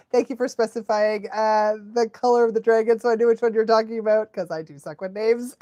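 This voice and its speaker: A woman's voice: a little high, normal speed, darkish tone, no room sound. A woman dog trainer hosting a casual watch-along live stream, chatty and laughing often, cooing baby talk at a dog now and then.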